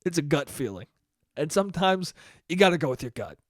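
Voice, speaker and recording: A young man from Westchester, New York, with a slightly high voice rambles through his solo comedy podcast, very animated and brisk. He swears, swings between loud outbursts and low mumbled asides, and breaks into high laughter. The sound is close and dry, with no room sound.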